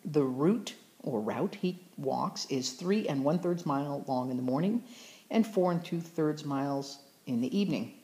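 In a recorded math lesson, a woman teacher with a warm, low-pitched voice talks through fractions at a normal speed. Her style is chatty and encouraging, and she frequently fixes her wording partway through sentences.

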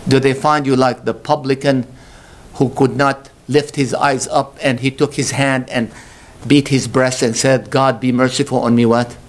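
A male pastor delivering a sermon, questioning his congregation and rising to slow, emphatic peaks. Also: flat delivery. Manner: impassioned, swells to high emphatic peaks, slow drawn-out stresses; calls out rhetorical questions to the congregation.

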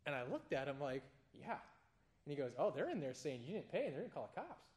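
Fast-talking man teaching scripture. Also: a little high. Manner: conversational, tells anecdotes, animated asides. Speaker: Bible teacher. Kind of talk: informal Bible study teaching.

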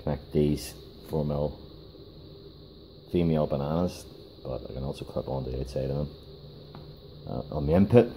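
A man giving a casual hands-on workshop demonstration, talking in a halting way with many fillers and restarts. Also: a bass voice, warm tone, a little hiss or hum, rough recording. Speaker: DIY car repair video host.

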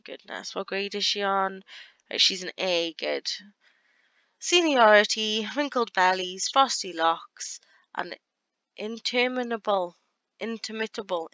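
A woman giving casual gameplay commentary, chatting along and voicing her characters in quick asides. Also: mid-range voice, pushed and bright, clear, resonant tone, dry recording, dull audio. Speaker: gaming YouTuber.

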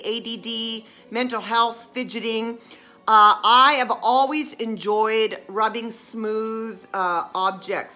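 A woman chatting casually on a live stream as she crafts, self-mocking and chatty, with excited squeals of delight. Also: on the high side.

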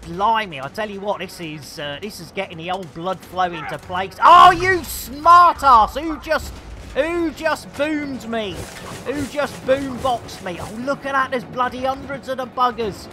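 A man with a Yorkshire accent streaming a game live, excitable, shouting taunts and British slang in bursts. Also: high-pitched, a little slow. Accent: English, Yorkshire. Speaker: gaming streamer. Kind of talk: live gameplay commentary. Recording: game music loud behind.

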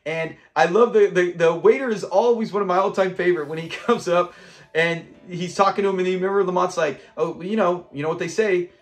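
A man from Southern California casually recapping a sitcom episode, chatty and quick to laugh as he acts out the lines. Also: sits high. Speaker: host of a sitcom review channel.

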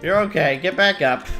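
A young man giving casual, goofy gameplay commentary as a YouTuber, laughing often between his remarks. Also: high-pitched. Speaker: gaming YouTuber.

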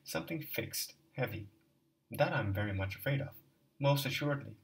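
A man voicing a calm male doctor who speaks in a measured, insistent way. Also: medium pitch, vocal fry, far from the mic. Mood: concerned.

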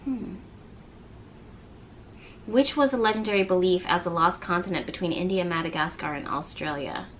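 A woman giving a tarot reading to her viewers, gently encouraging them and reading card texts aloud. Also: lowish voice, moderate pace, a little hiss or hum. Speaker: tarot reader.

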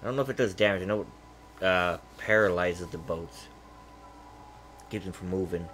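A man's voice: deep voice, normal speed, fairly bright tone, soft background music. A young man giving casual, rambling commentary while playing a video game, thinking aloud and muttering. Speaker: gameplay streamer. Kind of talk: casual let's-play commentary.

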